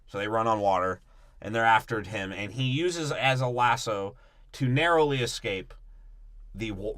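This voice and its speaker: A young man with a bright, forceful voice, recorded close and dry in a small room. He co-hosts a comedy podcast, tearing through a movie plot with profane jokes and quick mocking impressions of the characters. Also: on the low side, no room sound. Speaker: podcast co-host. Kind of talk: casual comedic movie breakdown.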